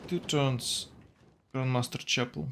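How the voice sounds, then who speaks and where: Male tournament caster, unhurried, halting, often corrects himself mid-sentence. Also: mid-range voice, steady tone, gravelly, fairly bright tone. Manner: hesitant, self-correcting, thinking aloud. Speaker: tournament commentator. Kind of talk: strategy game commentary.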